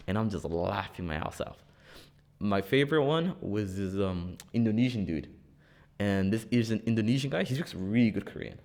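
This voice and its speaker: Casual studio banter continues as this young co-host spins funny stories, imitating quoted voices amid lots of laughter. His voice is lowish and his pace moderate.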